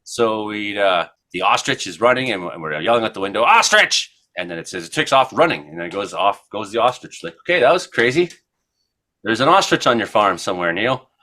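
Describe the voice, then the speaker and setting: A man's voice: fairly low pitch, lively intonation, a little fast, pushed and bright. A man in his forties from Ontario, co-hosting a casual radio chat show and rambling through news items and stories with many fillers. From Ontario, Canada. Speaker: co-host. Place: radio studio.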